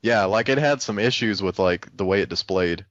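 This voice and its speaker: A man's voice: on the low side, moderate pace, no room sound. A man co-hosting a gaming podcast, talking easily and rambling, often poking fun at himself. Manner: easygoing, self-deprecating, rambling with fillers. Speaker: podcast co-host. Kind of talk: casual gaming podcast chat. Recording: dull, dry podcast audio.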